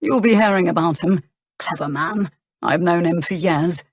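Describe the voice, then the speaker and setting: A woman voicing an earnest, solemn young nobleman in an audiobook, speaking in a measured, sincere way. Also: lowish voice, husky, no room sound, studio quality.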